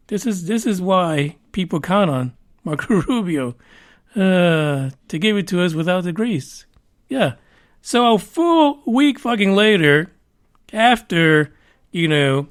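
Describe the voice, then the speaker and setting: A man hosting a podcast rambles through the news with profane, sarcastic commentary in a casual rant. His voice sits high, animated but unhurried.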